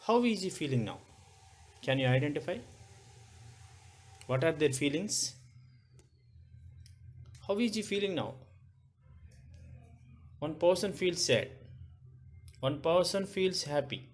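A man's voice: a little high, expressive, slow pace, long pauses. A male teacher with an Indian English accent, giving a lesson to young children, asking questions and repeating points.

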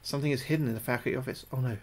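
A British man streaming a game live, talking through each move, often repeating himself, thanking his viewers and getting jumpy and loud when spooked. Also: medium pitch, fairly even intonation, racing. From United Kingdom. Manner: chatty, repeats his own phrases, thanks viewers between moves. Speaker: gaming livestreamer. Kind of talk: live gameplay commentary.

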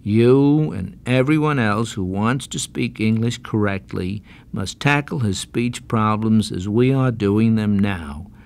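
A man giving slow, carefully enunciated pronunciation lessons, patiently repeating words for drill, on a 1970s language-course record. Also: on the low side. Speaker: pronunciation teacher. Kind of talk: slow, deliberate instructional narration.

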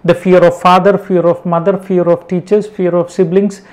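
A man's voice: high voice, level tone, moderate pace. A male preacher delivers a sermon-style talk to his listeners. He speaks emphatically, firing off short rhetorical questions and repeating words for weight. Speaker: Christian preacher. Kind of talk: spoken sermon.

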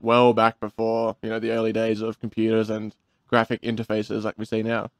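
A man's voice: on the low side, completely flat delivery, fairly quick, dry recording. A man hosting a podcast interview, enthusiastic and chatty, laughing easily. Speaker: podcast host.

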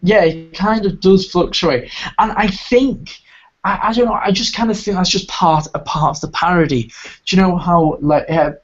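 A man's voice: high voice, moderate pace. A man hosting a casual podcast review, talking with keen enthusiasm and rambling through frequent restarts. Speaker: podcast host reviewing audio dramas. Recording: dull lo-fi recording.

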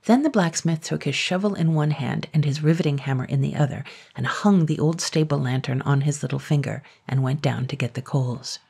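Low, gravelly woman reading a storybook. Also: dark tone. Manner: measured, dropping to a whisper at suspense. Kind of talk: storybook narration.

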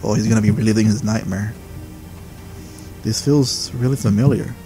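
A man's voice: lowish voice, fairly even intonation, normal speed, dark tone, faint music behind. A man casually playing through a game and reading its dialogue aloud, with offhand asides. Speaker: gaming channel host.

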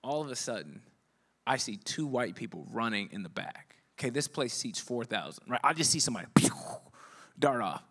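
A young man who is a guest preacher, telling a story in an animated, earnest way. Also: medium pitch, brisk, a little hiss or hum. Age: young adult. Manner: animated and earnest, acts out quotes. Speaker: guest speaker and pastor. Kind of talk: storytelling conversation.

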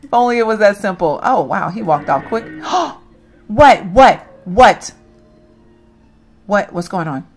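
A woman commenting casually on her gameplay, chatty and reacting loudly to what happens, often calling out to viewers. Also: mid-range voice, animated, slow, pauses often, soft background music. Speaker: gaming channel host.

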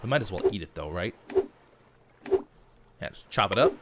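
A man talking his way through a survival game, chatty and playful, narrating each move and joking to himself. His pitch swings widely from line to line, rising and falling as he reacts. It is casual gameplay commentary, loose and unscripted. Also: very animated, moderate pace, long pauses, background noise. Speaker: let's play host.

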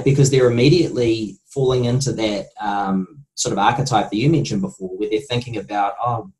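A man, a nutrition researcher, answering interview questions in a thoughtful, measured way. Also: on the low side, darkish tone, poor audio. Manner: thoughtful, measured, hesitant starts. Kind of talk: casual interview chat.

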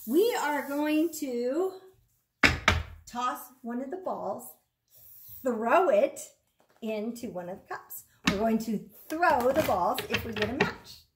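A woman's voice: high voice, heavy background noise. A woman speech therapist giving a lesson to young children, stretching out practice words in a sing-song, child-directed way. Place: at home with her dog nearby. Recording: echoey room.

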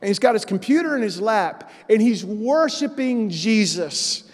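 A man preaching a sermon as pastor, telling an animated story in a church. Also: sits high, a little slow, in a large hall. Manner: storytelling, animated and loud in acted-out parts. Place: church sanctuary.

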